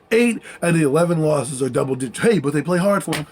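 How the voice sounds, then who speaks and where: A man's voice: high voice, expressive, fast talker, gravelly, hardly any pauses, a bit bright, a little hiss or hum. A man ranting as a sports commentator, heated and sarcastic, mocking and repeating his points for emphasis. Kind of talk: fired-up sports rant.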